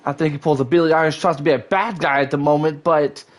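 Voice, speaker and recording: Excitable male sim racing play-by-play caller. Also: a little high, fast talker. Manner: excitable, rambling, voice leaps up during action. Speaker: lead race commentator.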